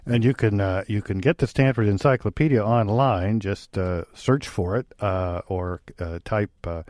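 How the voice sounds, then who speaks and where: A man's voice: lowish voice, normal speed, darkish tone, no echo, studio quality. A man co-hosting a call-in radio show, talking thoughtfully with many restarts and trailing-off phrases.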